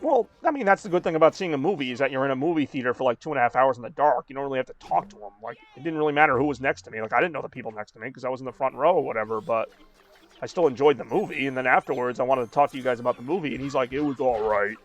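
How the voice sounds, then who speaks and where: A man's voice: mid-range voice, very fast, faint music behind. A man in his thirties streaming a game and chatting casually, rambling with lots of fillers. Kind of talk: casual chat while gaming.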